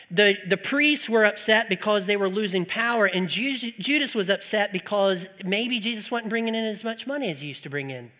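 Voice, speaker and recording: A man's voice: sits high, bright, forceful tone, big-room sound. A male pastor preaching a conversational sermon with joking asides, asking the congregation rhetorical questions in a church.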